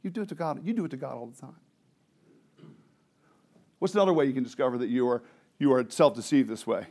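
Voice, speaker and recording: A man preaching a sermon as pastor, moving between soft, confiding asides and loud, fervent preaching, often asking the congregation questions. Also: medium pitch, fast talker. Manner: swings from quiet, intimate asides to loud, impassioned preaching.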